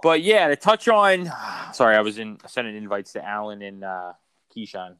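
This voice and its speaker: A man co-hosts a casual podcast, rambling and cursing while restarting again and again. His voice is on the low side with a sharp yet smooth tone, and he talks at a normal speed.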